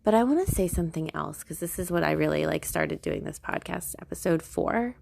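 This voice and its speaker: Chatty young woman podcaster, lowish voice. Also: animated, fairly quick, gravelly, darkish tone. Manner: chatty, filler-heavy, swearing, laughing often. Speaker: podcast host. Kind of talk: casual self-help podcast monologue.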